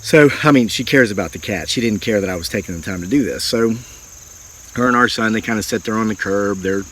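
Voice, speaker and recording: A man's voice: fairly low pitch, a little fast. A middle-aged man telling a long personal story in a folksy, earnest way, acting out what people said. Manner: folksy, earnest, animated retelling with acted quotes. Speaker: homesteading channel host. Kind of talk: storytelling monologue.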